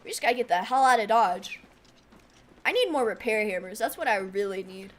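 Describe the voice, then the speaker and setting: A woman streamer giving casual, animated gaming commentary, exclaiming and laughing often. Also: medium pitch, a little fast.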